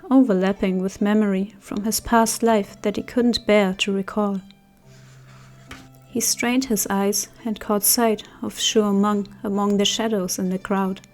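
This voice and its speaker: A woman narrates an audiobook in a steady, measured voice at a middle pitch. Soft music plays faintly underneath. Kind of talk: scripted narration.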